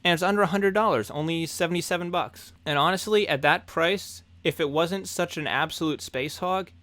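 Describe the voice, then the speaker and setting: A young man hosting a hobby news show, talking in an excited, enthusiastic way. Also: fairly high pitch, fairly quick, no echo.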